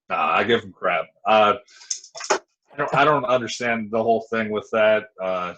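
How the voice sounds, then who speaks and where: Deep-voiced man telling frank stories. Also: a little slow, long pauses, fairly bright tone, highs cut off. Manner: frank, rambling storytelling with many restarts. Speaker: interview guest, former pro wrestler. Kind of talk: casual interview talk.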